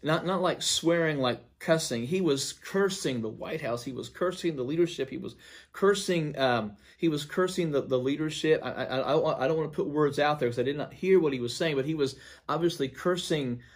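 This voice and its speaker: A man, a pastor, earnestly recounting a dream to viewers. He swings from emphatic to near-hushed. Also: a little high, moderate pace.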